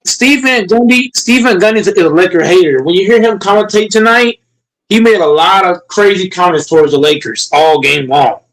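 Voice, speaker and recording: Brief: young man, high voice, animated profane sports banter. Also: normal speed, poor audio. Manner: animated, laughing, profane trash talk.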